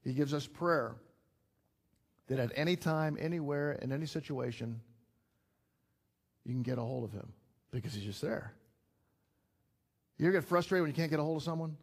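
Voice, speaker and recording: A man's voice: a little high, normal speed, creaky, pauses often. A middle-aged man preaching a sermon to a small church group in a conversational way, building to emphatic peaks. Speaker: pastor. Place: church gathering.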